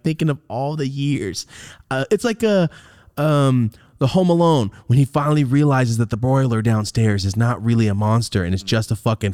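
A man's voice: medium pitch, darkish tone, no room sound, studio quality. A man hosting a podcast, telling a story casually, acting out quotes, swearing and laughing often. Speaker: podcast host.

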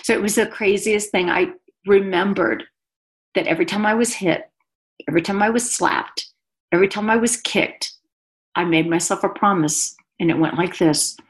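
A woman's voice: mid-range voice, normal speed. A woman guest telling a personal story on a podcast in an earnest, confessional way. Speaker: guest author and speaker.

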